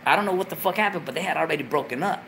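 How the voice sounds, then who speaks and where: A man hosting a talk show, telling a story in a profane, animated way, loudly acting out what was said. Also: fairly high pitch, very fast, a little hiss or hum. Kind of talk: casual storytelling.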